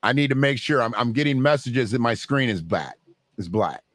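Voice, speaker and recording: A man's voice: medium pitch, expressive, moderate pace, fairly bright tone, dry recording. A man hosting a livestream, talking straight to his viewers in a loose, joking, conversational way. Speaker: livestream host. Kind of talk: casual livestream commentary.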